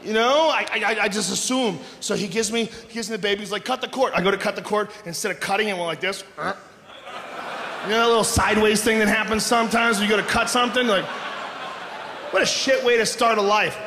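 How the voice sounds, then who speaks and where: High-pitched guy yelling his stand-up bit, cussing a lot, big roomy hall sound. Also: a little fast. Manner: loud, profane, swings into shouting. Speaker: stand-up comedian. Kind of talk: stand-up routine. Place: large concert hall, live audience. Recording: echoey live hall recording with noise.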